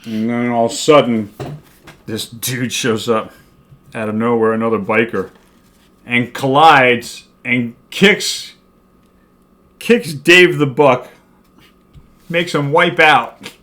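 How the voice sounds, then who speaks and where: A man's voice: mid-range voice, fairly even intonation, slow pace, long pauses, a bit bright. An older man co-hosting a casual comic book chat, retelling a story in a rambling, chuckling way. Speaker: co-host.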